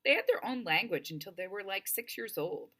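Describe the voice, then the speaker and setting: A woman reading the part of a tall, wisecracking teenage girl who is quick to take offense. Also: mid-range voice, big pitch swings, fairly bright tone. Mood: chatty. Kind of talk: audiobook character voice.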